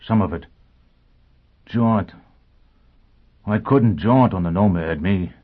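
A man doing a croaking, battered spaceman. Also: sits low, slow pace. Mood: urgent, croaking. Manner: croaking, rough dialect speech. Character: battered, desperate male spaceman, rough-spoken. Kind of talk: audiobook character voice. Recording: tinny phone-like sound.

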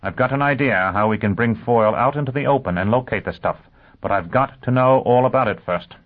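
A man voicing a forceful, impatient male intelligence chief who barks in a raised voice, in an audiobook reading. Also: medium pitch, fairly quick, pitched above the performer's own voice, close to an everyday voice. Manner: barking, raised voice. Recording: tinny phone-like audio.

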